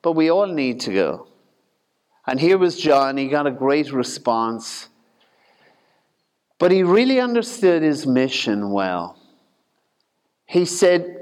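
Clear-voiced man preaching in a reverberant church. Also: medium pitch, big pitch swings, slow pace, long pauses, darkish tone. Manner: conversational, folksy, with asides and humor. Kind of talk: sermon.

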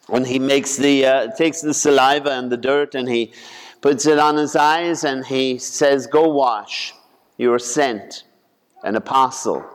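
A man, a priest, reading a gospel passage aloud and then preaching on it in a slow, measured way. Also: medium pitch, clean tone. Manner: slow, measured, deliberate delivery. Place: church. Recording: long church reverb.

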